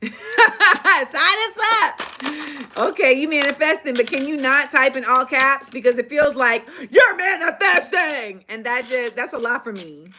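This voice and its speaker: High, bright-voiced woman. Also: moderate pace, few pauses, slight background noise. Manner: animated, sassy, acts out quoted exchanges. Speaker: livestream host. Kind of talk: casual live chat and storytelling.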